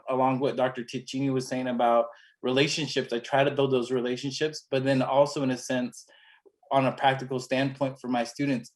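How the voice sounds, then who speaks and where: Casual storytelling man on a video call. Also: medium pitch. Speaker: panelist. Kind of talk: webinar panel talk.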